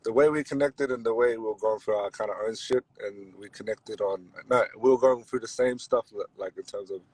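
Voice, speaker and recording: A man's voice: lowish voice, steady tone, brisk, a little mellow, breathy edge, dry recording, low-quality recording. A young man from Australia, a podcast guest, chatting in a laid-back way with lots of fillers and laughs. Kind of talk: casual chat.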